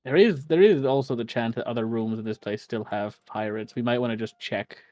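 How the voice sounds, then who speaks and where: A man's voice: medium pitch, brisk, darkish tone, dry recording. A man playing a tabletop game on a call, eager and joking, swearing and laughing often. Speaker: player. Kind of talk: casual tabletop game chat.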